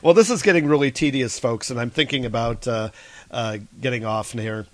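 A man's voice: mid-range voice, a little fast, no room sound. A man hosting a call-in radio show, casual and teasing. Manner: jokey, teasing.

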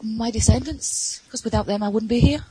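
A woman's voice: on the high side, normal speed, mellow, rough recording. A middle-aged woman calling in over Skype, chatting and joking about herself. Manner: chatty, self-mocking, giggly. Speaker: caller. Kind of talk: casual phone-in chat. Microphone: Skype call.

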